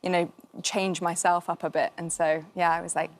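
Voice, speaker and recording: A woman's voice: fairly low pitch, flat delivery, moderate pace. A woman who is an actress being interviewed in a casual chat, laughing often and poking fun at herself. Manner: laughs often, self-deprecating. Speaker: actress guest.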